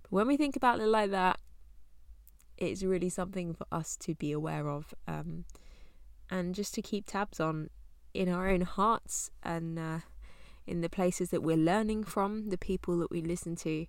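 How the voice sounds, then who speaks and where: A young woman leads a Bible study in an easy, chatty manner, laughing now and then as she explains. Her voice sits a little low for a woman. The recording is dry and close. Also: normal speed, clean tone, dry recording. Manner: conversational, laughs often. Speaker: Bible teacher.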